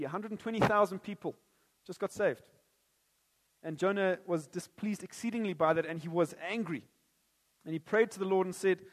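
A man delivers a sermon in a church. His voice is high and ringing, with long reverb trailing off the hall walls. He mixes light jokes with earnest prayer. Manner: jokey and animated at first, then earnest and prayerful. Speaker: preacher.

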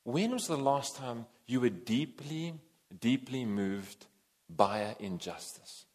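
A man preaching a sermon, animated and emphatic, swinging between loud and soft. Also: medium pitch, slow pace. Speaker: pastor.

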